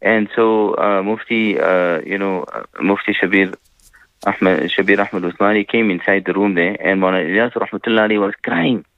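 A man giving a gentle religious talk on a radio program, telling stories and peppering his speech with "you know". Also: deep voice, moderate pace, no room sound. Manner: gentle preaching with frequent "you know" fillers. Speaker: Islamic scholar on a radio program. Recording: dry phone-line radio sound.

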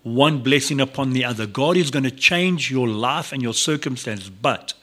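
A man's voice: mid-range voice, moderate pace, bright, forceful tone. A man, presenting a devotional message on the radio in an earnest, conversational way, often restarting and adding asides.

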